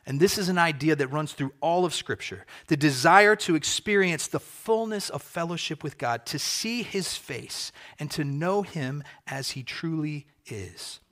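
A man preaching a sermon as pastor, earnest and emphatic, repeating key phrases and slowing down for effect. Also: on the high side, lively intonation, fairly bright tone.

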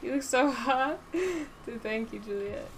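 A woman's voice: sits high, animated, slow pace, a little hiss or hum. A woman streaming a game live, chatting casually, swearing freely and answering her chat aloud.

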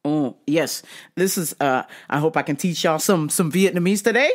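A woman's voice: deep voice, normal speed. A woman hosting a casual podcast, reacting to clips, laughing often and swearing freely. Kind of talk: casual chat.

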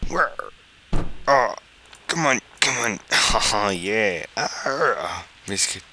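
A man narrating a game in a slow, drawn-out way, exasperated and goofy with silly mild oaths. His voice sits fairly low. Steady noise hangs behind him on a home recording. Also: rough recording. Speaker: let's play gamer. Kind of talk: let's play commentary.

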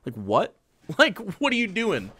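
Male streamer, sarcastic profane rant, high bright voice, lively pitch. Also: measured pace, slightly rough. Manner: sarcastic, profane, animated rants. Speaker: streamer reacting to a political clip. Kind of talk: live stream commentary.

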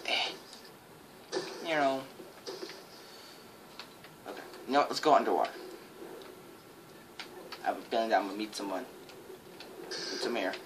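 Low-voiced woman calling her game. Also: normal speed, long pauses. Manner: excitable, jokey, sudden high yelps. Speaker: gaming channel host. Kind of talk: live gameplay commentary. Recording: game noise behind.

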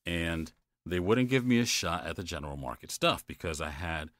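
A man's voice: low-pitched, normal speed, no room sound. A man with a New York-New Jersey accent, a voice actor telling stories as a guest in a casual interview, often tossing in "man". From United States. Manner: animated storytelling, says "man" a lot.

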